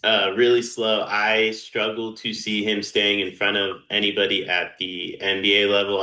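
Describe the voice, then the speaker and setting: A man's voice: sits low, bright, forceful tone. A man co-hosting a sports podcast, tossing out dry, joking one-liners in casual banter. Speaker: podcast co-host. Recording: echoey room.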